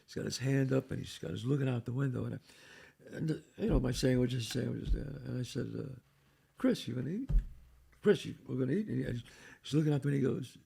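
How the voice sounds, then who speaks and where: A man's voice: medium pitch, fast talker. An older man, an actor guest, telling stories in a casual chat, swearing freely. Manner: raspy, animated storyteller who swears freely.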